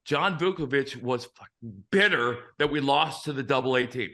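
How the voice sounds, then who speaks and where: A man in his fifties hosts a casual sports chat, spinning frank, salty anecdotes from his playing days. His voice is bright and forward, and the pitch sits at an ordinary middle level. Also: animated, moderate pace. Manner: frank, profane anecdotal storyteller. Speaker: host, former big-league pitcher.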